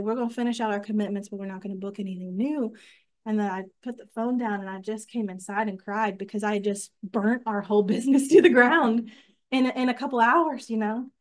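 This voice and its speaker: Chatty woman teaching a Bible study. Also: a little high. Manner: earnest, chatty, with many fillers and restarts.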